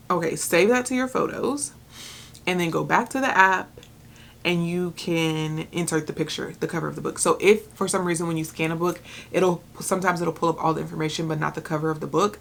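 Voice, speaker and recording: A woman in her thirties vlogging about books at home in a chatty, excitable way, full of filler words. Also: lowish voice, creaky. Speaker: book vlogger. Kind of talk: casual chat.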